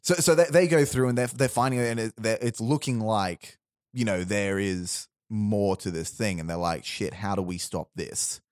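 A man's voice: lowish voice, moderate pace, darkish tone, no echo, clean studio sound. A man casually telling a made-up story to friends, rambling with restarts and quoting characters. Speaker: storyteller pitching a movie plot. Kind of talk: casual chat.

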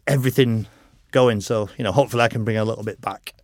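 A fairly low, darkish voice delivers fast, rambling stories from a middle-aged man guesting on a podcast. He's a motorcycle racer who swears freely and laughs often in this casual interview chat.

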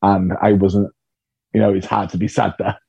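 A gravelly, husky, low-voiced comedian speaks at normal speed in a podcast interview, candidly telling lively stories at his own expense. The audio is dull, with no room sound.

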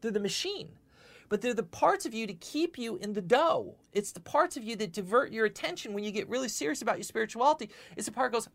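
A woman's voice: fairly high pitch, fast talker, creaky. A woman giving a spiritual lecture and answering questions, talking with lots of repeated words and frequent "okay?" checks. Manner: animated, repeats words, often asks "okay?". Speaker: spiritual teacher.

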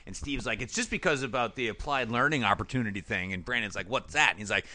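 A man's voice: mid-range voice, expressive, quick pace, few pauses, sharp tone, no room sound. A man casually recapping a TV episode for a podcast, acting out characters' lines and laughing often. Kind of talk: casual comedic recap chat.

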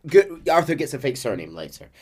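A man's voice: a little high, huge pitch swings, brisk, a little mellow. Casual podcast man, rambling recap, frequent ums and false starts. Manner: rambling storyteller, many ums and restarts, slips into quoted voices. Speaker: podcast host recounting a game's story. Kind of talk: casual chat.

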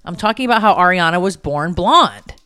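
Chatty middle-aged woman, slightly low voice. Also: expressive, brisk, sharp tone, clear, resonant tone. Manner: chatty, rambling, self-mocking. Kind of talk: casual family chat.

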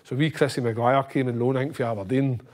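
A man's voice: mid-range voice, fairly even intonation, fast talker, a little mellow. A middle-aged Scottish man, a former footballer, telling rambling anecdotes and swearing freely. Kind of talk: casual anecdotal storytelling.

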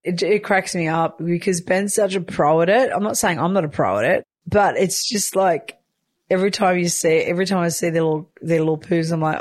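A woman's voice: fairly quick, no room sound. A chatty woman, talking casually and laughing often as she shares stories. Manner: chatty, animated, laughs often, squeals high in baby talk. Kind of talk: casual monologue.

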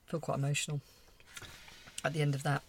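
A woman who co-hosts a podcast, reads a poem gently and wistfully, and chats casually. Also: deep voice, monotone, a little fast, over loud music. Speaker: podcast co-host. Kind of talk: casual chat and poetry reading.

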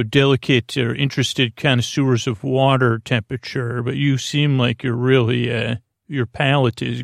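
Creaky rambling man hosting a sleep podcast. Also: medium pitch, dry recording, studio quality. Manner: meandering, slow, full of fillers and restarts. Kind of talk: rambling bedtime monologue.

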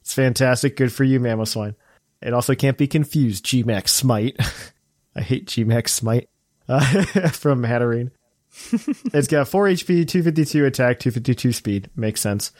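A man hosting a casual gaming podcast, relaxed and chuckling often. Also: mid-range voice, a little slow, dry recording, clean studio sound. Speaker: podcast host.

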